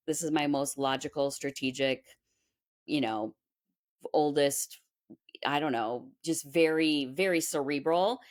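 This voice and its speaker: A woman being interviewed about her music school, telling stories in a chatty way and acting out what people said. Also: deep voice. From Minnesota, US. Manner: animated, acts out quoted voices. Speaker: guest, music school owner. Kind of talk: casual storytelling interview.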